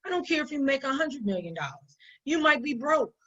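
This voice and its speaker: A woman's voice: high voice, sing-song, fairly quick, a bit bright. A woman business owner giving conversational business advice in an emphatic way, often repeating her points for stress. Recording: dull lo-fi sound.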